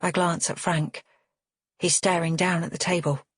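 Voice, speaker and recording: A woman reading a first-person crime novel in a steady, measured way. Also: fairly low pitch, slightly rough, no room sound, clean studio sound. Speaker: audiobook narrator. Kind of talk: scripted first-person narration.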